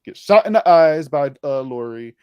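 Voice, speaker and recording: A man hosting a casual movie review chat, animated and quick to laugh. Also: fairly high pitch, clear, resonant tone, dry recording, muffled recording. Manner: laughs often, animated, loose chatty delivery. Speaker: podcast host.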